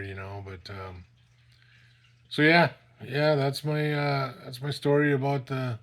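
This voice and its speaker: A man's voice: mid-range voice, a bit bright. A middle-aged man casually telling a personal story, rambling and profane, with plenty of fillers.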